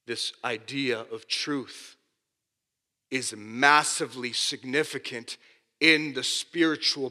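High-voiced impassioned preacher, long reverb. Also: male voice. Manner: impassioned, swinging between loud emphasis and hushed asides. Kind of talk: sermon.

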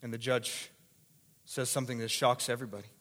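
A male preacher delivering a sermon, telling a dramatic story that swings between hushed and shouted passages. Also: medium pitch, fairly even intonation, brisk. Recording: long reverb of a large hall.

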